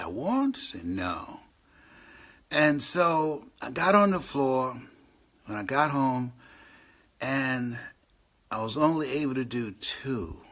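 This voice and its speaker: An older man who is a motivational speaker, telling his story in a live online talk. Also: mid-range voice. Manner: animated storyteller, acts out the voices of people he quotes. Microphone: online live broadcast.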